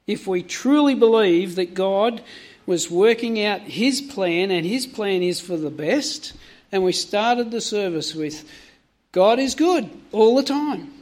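Higher-voiced man preaching a sermon. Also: measured pace. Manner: asks the congregation many direct questions.

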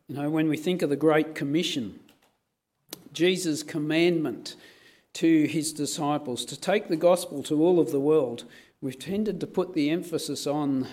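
A man preaching in an earnest, measured way as a pastor. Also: fairly high pitch, darkish tone. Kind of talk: sermon.

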